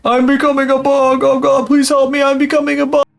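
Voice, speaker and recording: A frantic, squeaky bug-creature. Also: male voice, monotone, brisk, creaky, loud music behind the voice. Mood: panicked. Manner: shrieking, frantic pleading. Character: panicked person turning into a small bug. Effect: voice changer filter.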